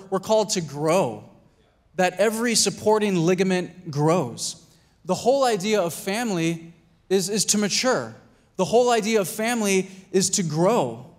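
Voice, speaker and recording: A high-voiced male pastor from the United States preaches in a church hall, keeping the sermon conversational. Little acted-out scenes punctuate his talk, along with frequent "right?" and "Amen?"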